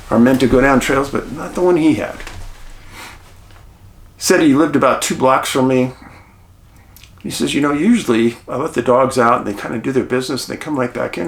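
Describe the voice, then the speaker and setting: A middle-aged man, host of his channel, casually telling a story to the camera in a chatty, animated way, quoting the people he met. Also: mid-range voice, moderate pace, long pauses. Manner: chatty, animated retelling with quoted dialogue. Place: rural home outdoors.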